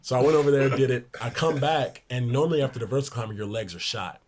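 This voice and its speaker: A young man in his twenties, a podcast guest, telling lively locker-room anecdotes in a casual way, laughing along. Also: medium pitch, fast talker, a crowd in the background. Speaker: podcast guest, pro basketball player. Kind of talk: casual storytelling in a sports podcast.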